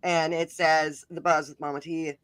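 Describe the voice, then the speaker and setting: Female talk show host, relaxed and rambling, dry recording. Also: low voice, normal speed, dry recording. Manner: easygoing, many fillers and restarts. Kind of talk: casual livestream chat.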